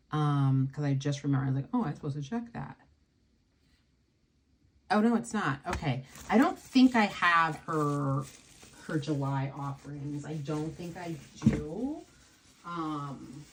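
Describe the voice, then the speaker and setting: A woman's voice: deep voice, slight background noise. A woman hosting a casual livestream, chatty and rambling with many fillers. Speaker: nail polish livestream host.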